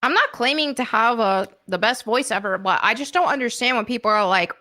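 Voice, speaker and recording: A woman's voice: a little high, expressive, fairly quick, hardly any pauses, bright, forceful tone. A woman hosting a casual livestream and reading chat, blunt and indignant, with lots of fillers. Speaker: livestream host.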